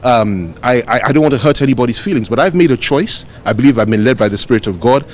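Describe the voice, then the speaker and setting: A man with a Nigerian accent, a politician answering reporters' questions outdoors in a measured, emphatic way, repeating phrases for stress. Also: mid-range voice, animated, a little hiss or hum. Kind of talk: press interview answers.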